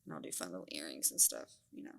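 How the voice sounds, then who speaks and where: A woman's voice: a bass voice, big pitch swings, fast, gravelly, a bit bright. A woman with a Southern US accent, chatting casually and laughing often as a guest on a podcast. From Mississippi, US. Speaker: guest artist.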